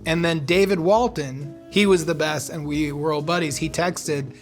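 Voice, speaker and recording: A man's voice: a little high, moderate pace, few pauses, soft background music. A man in his forties, a celebrity guest, chatting casually and telling a rambling story with frequent laughs. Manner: laid-back storyteller, laughs often. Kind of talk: casual chat. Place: studio kitchen.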